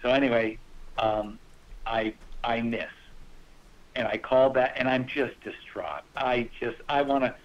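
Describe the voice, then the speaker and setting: A man swapping hunting stories in a relaxed podcast conversation, his voice sitting at a middle pitch. He tells them with animation and laughter, dropping into other people's voices as he quotes them. The remote audio is muffled and slightly lo-fi. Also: unhurried. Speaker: guest hunter. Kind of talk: casual storytelling.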